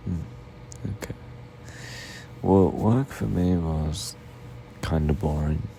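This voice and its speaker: A young man in a whispered role-play as a tired, sweet boyfriend, yawning, giggling and talking slowly. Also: extremely low pitch, vocal fry, warm tone, a little hiss or hum. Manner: sleepy, yawning, affectionate and giggly.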